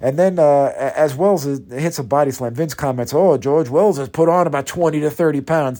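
A man's voice: medium pitch, mellow. A man from Long Island, New York, casually reviewing an old wrestling match on a podcast, rambling with many fillers and restarts. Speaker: podcast contributor.

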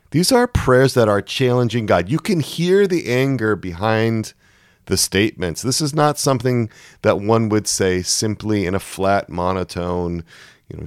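A man with a low-pitched voice delivers a sermon, reading scripture verses with surging, anguished intensity between plainer stretches of explanation. The sound is dry and close, with no room echo. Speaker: preacher.

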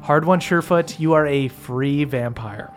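A man's voice: a little high, normal speed, soft background music. Casual man narrating a tabletop game. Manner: casual, many fillers and swearing. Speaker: game master.

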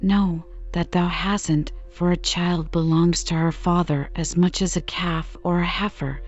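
A woman's voice: on the low side, steady tone, measured pace, faint music behind. A woman reading the part of a domineering rich old farmer father, harsh and commanding, on a slightly dull recording. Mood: stern.

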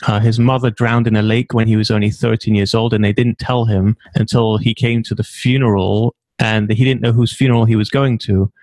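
A man's voice: lowish voice, flat delivery, fairly quick, few pauses, a little mellow, dry recording. London guy telling his life story, jokey, blunt, dry close sound. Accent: London English. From England. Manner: candid, self-deprecating, joking. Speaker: guest. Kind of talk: interview conversation.

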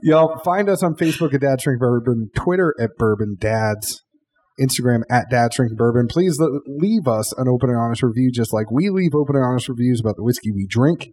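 A man's voice: mid-range voice, lively intonation, a little fast, mellow, slightly rough. A man hosting a podcast in a hotel bar, rambling through thanks and jokes in a casual chat. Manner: chatty, joking, rambling thanks. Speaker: podcast host. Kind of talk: casual interview wrap-up.

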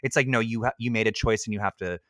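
A man co-hosting a podcast in casual chat, animated and swearing freely as he acts out quotes. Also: lowish voice, fast, no echo, clean studio sound. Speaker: podcast co-host. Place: Toronto.

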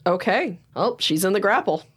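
A woman's voice: mid-range voice, lively intonation, normal speed, heavy background noise. A woman narrating as game master in a tabletop game, wry and playful. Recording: music playing underneath.

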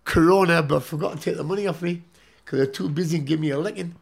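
A man's voice: a little high, lively intonation, a little fast, creaky. A man telling a story in casual, profane chat, tagging his sentences with "yeah?". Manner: swears constantly, tags lines with "yeah?".

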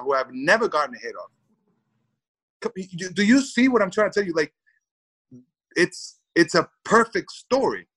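A man's voice: a little high, fairly bright tone, rough recording. A man, a former baseball player, telling a story in an interview with lots of repeated words, acted-out quotes and laughter.

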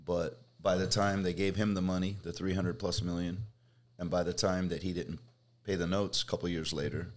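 Middle-aged Midwestern man, deep low register, easygoing podcast guest who muses aloud. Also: a little fast. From Midwest, Kansas. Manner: relaxed storytelling, thinks aloud. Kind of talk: casual chat.

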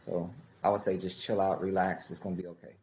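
A man's voice: sits low, flat delivery, fast talker, darkish tone. A man talking as a podcast guest, in emphatic short phrases and laughing easily. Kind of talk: casual interview talk.

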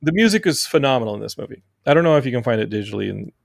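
Man, podcast host, gravelly voice, dry close sound, animated storytelling. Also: mid-range voice, racing, no echo. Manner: animated storyteller, acts out quotes. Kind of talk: casual chat.

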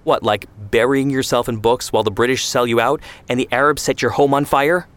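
A man's voice: medium pitch, steady tone, fairly quick, a bit bright, no room sound, pitched above the performer's own voice, lightly acted. A man voicing a hot-headed twenty-year-old who is defiant and sarcastic, in a read story. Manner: sarcastic, defensive.

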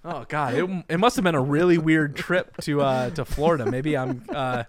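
A man co-hosting a casual chat, telling stories in an animated way and laughing often. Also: on the high side, normal speed, no room sound. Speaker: podcast co-host. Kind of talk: casual comedic storytelling.

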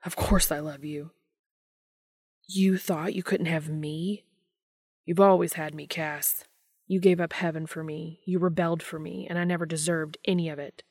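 Woman voicing an emotional man, hushed and strained, lower-pitched read, story reading. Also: steady tone, normal speed. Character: troubled intense man, emotional, confessing.

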